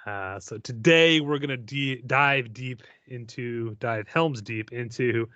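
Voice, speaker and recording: A man's voice: mid-range voice, slow, sharp tone, no echo, highs cut off. A man hosting a casual podcast, rambling and joking, with many fillers and laughs. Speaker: podcast host.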